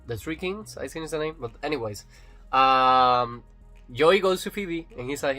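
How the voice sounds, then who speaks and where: A man's voice: medium pitch, moderate pace, soft background music. Rambling man retelling a sitcom plot. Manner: retells scenes quoting characters in a relaxed, rambling way. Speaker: vlog host. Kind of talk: casual spoken review.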